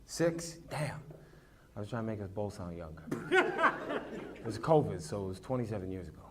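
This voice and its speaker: A man's voice: on the low side, animated, fairly quick. A man doing a stand-up set in a small comedy club on a handheld mic, brash and profane, teasing the audience. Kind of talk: stand-up set with crowd work. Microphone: handheld microphone. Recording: noisy live club with loud crowd. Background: audience laughter.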